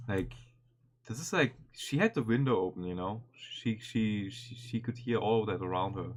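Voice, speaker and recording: A man streaming and commenting casually on a video, animated and swearing often, with frequent restarts. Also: fairly low pitch, normal speed.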